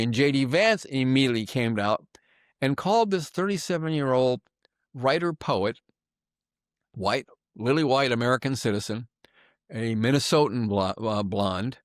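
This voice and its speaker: A man's voice: medium pitch, dry recording. Brief: older male commentator, sarcastic and furious, dry close sound. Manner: angry, emphatic, sarcastic. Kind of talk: monologue political commentary.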